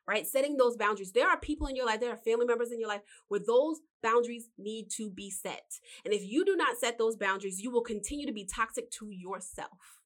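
A woman hosting a casual motivational talk. She gives life advice in a lively, preachy way, asks one rhetorical question after another, and calls the listener honey. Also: fairly high pitch, brisk. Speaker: podcast host giving life advice.

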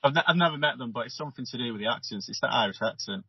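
A man hosts a podcast in a relaxed, conversational way. His voice is somewhat husky and sits at a middle pitch. The recording is dull and lo-fi with a dry, close sound. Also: rapid-fire, no room sound. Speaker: podcast host. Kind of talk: casual podcast chat.

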